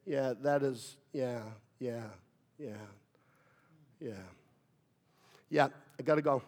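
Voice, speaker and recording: A man preaching a sermon as pastor, with playful asides, building from quiet talk to shouted preaching. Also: mid-range voice, steady tone, slow.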